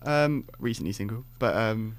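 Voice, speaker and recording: A young man co-hosting a student radio show, quick and wry, teasing his co-host. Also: lowish voice. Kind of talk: casual student radio banter. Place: radio studio.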